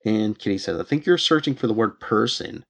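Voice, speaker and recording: A man's voice: fairly low pitch, lively intonation, brisk, gravelly. A man co-hosting a podcast, casually recapping comic book plots and reading the characters' lines aloud with the odd laugh. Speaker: podcast co-host.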